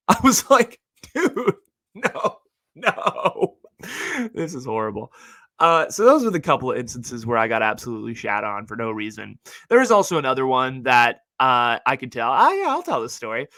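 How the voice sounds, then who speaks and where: Young guy ranting about college on his podcast, says like a ton, bright voice, dry close sound. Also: mid-range voice, fairly quick, dry recording. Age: young adult. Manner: animated storytelling, heavy use of "like". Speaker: podcast host. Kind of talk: casual monologue.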